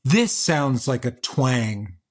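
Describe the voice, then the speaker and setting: A man's voice: medium pitch, very animated, extremely slow. Male interview host, mid-range voice, curious and searching. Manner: curious, searching, rephrases questions. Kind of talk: interview questions.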